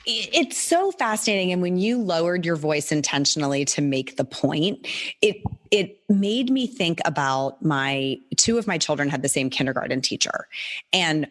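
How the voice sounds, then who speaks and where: A woman's voice: deep voice, lively intonation, normal speed, big-room sound. A woman hosting a podcast interview, who reflects and thinks aloud as she talks. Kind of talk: conversational interview.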